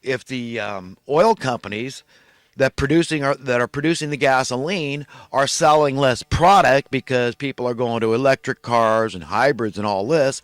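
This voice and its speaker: A man's voice: mid-range voice, moderate pace, no room sound. A man delivering an impassioned, indignant monologue, ranting and repeating himself as he builds his points. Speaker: online commentator.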